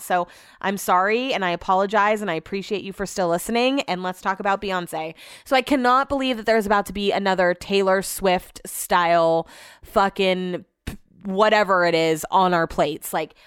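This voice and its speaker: Thirties woman podcaster, rambles, says like a lot, swears, kinda emotional, smooth voice, dry close sound. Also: lowish voice, dry recording. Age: 30s. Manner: chatty, rambling, swears freely, many "like" fillers. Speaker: podcast host. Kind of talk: casual solo podcast chat.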